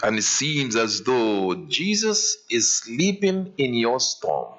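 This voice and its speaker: Male pastor, sermon, slow deliberate delivery, animated pitch, dramatic rises and drops, muffled lo-fi livestream. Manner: dramatic preaching, swinging from raised to hushed. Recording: dull lo-fi church livestream.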